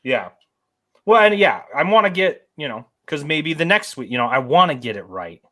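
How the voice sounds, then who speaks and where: A man's voice: on the high side, very animated, normal speed, sharp tone. A man co-hosting a casual sports podcast, agreeable and chiming in with short interjections. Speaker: podcast co-host.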